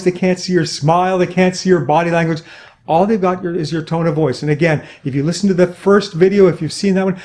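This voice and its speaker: Male trainer, slightly high pitch, earnest instructional delivery. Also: darkish tone. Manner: earnest, illustrative, speaks straight to viewers. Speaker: communication trainer. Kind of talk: instructional video talk.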